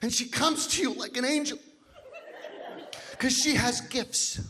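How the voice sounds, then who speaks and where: A man in his fifties performing a stand-up comedy set, telling big, animated stories on a stage mic in a live hall. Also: very high-pitched, unhurried, slight background noise. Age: 50s. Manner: big animated storytelling, drops to quiet voices for quoted doctor. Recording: live hall with audience laughter.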